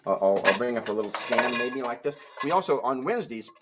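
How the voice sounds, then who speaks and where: A man performs a comic ventriloquist act, chatting with his puppets in playful patter full of restarts. His voice sits at a middle pitch and swings widely as he talks. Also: fast, very noisy. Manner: animated, stammering, playful patter. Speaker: musical ventriloquist.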